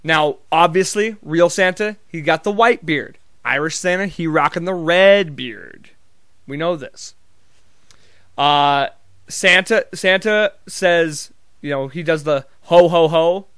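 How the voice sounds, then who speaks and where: A man's voice: on the high side, takes it slowly, fairly bright tone, smooth, no room sound, studio quality. A man vlogging in a casual comedic monologue, telling rambling, profane, jokey stories.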